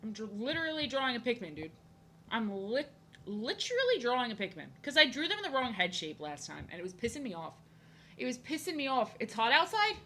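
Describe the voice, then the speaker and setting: A young woman drawing on stream chats casually and playfully with viewers, greeting them and often stammering and starting over. Her fairly high voice is pushed and bright, swings widely in pitch, and moves fairly quickly, with slight background noise.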